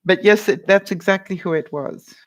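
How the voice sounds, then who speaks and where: A woman's voice: lowish voice, normal speed. A woman vlogger chatting casually on a live stream, laughing often as she runs a movie-quote quiz and answers viewer comments.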